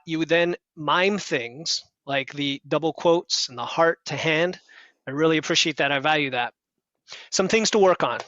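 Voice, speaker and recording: A man's voice: on the high side, pushed and bright, no echo, muffled recording. Man giving structured feedback. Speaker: speech evaluator. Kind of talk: speech evaluation over video call. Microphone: headset on a video call.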